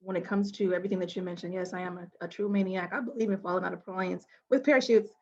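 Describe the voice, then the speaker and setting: A woman guest in an interview, telling a personal story with vivid swings between hushed asides and loud exclamations. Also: fairly low pitch, fairly even intonation, fast talker, highs cut off.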